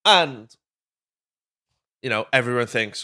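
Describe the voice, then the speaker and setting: Welsh podcast guy, low-ish voice but bright and punchy, chatty rambly film recap, swears a lot. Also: lively intonation, normal speed. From Wales. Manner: rambling, swears freely, acts out film lines in silly high voices. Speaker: podcast host. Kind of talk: casual movie recap monologue.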